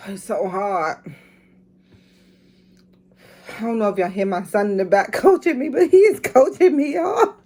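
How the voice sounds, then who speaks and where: A woman's voice: mid-range voice, animated, a little slow, long pauses, mellow. A woman, a mother filming at home, chatting casually to her viewers and groaning with strain as she talks. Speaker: vlogger doing a drinking challenge.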